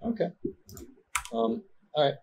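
A man's voice: sits high, very animated, slow pace, dark tone, husky, muffled recording. A man narrating a tabletop game as game master, hesitant and full of fillers.

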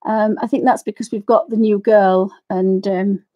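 While showing a colouring technique, a middle-aged woman hosting a craft tutorial rambles on, goes off on ranting asides, and repeatedly apologises for straying. She speaks at normal speed in a mid-range voice with little pitch movement. The audio is dull.

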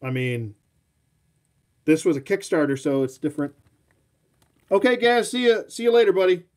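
A man's voice: sits high, moderate pace, darkish tone. A man hosting a live toy showcase, chatting casually in a rambling, self-mocking way and talking to his dog. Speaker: toy collector host.

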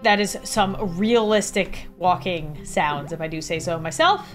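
A woman giving casual, animated gameplay commentary on her own game, mock-nervous and self-deprecating. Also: lowish voice, measured pace, few pauses, faint music behind.

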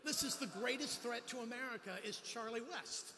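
Man preaching, high bright voice, storytelling with jokes, reverb from a church hall. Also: a little fast, a little hiss or hum. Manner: storytelling, humorous asides. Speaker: guest preacher. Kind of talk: sermon with personal stories. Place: church sanctuary.

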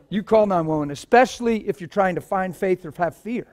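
A man preaching a sermon and telling stories, swinging from low murmurs to loud shouts. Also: fairly quick. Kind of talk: sermon with testimonies.

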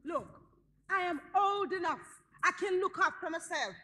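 A defiant young daughter. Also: female voice, extremely high pitch, lively intonation, normal speed, bright, forceful tone, a little hiss or hum, exaggerated voice. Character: defiant adult daughter standing up to her mother. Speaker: actor in a comedy stage play.

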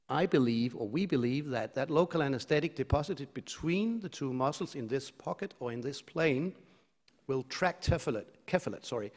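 A man's voice: mid-range voice, darkish tone. A middle-aged man giving a conference lecture in a conversational, hesitant way, with frequent restarts, in a large lecture hall. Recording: long reverb of a lecture hall.

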